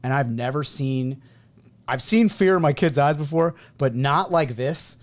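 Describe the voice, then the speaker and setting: A man in his thirties from New England, hosting a casual podcast conversation and telling stories in an animated way. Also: fairly high pitch, measured pace. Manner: animated storyteller, acts out quoted people. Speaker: podcast host and high school coach.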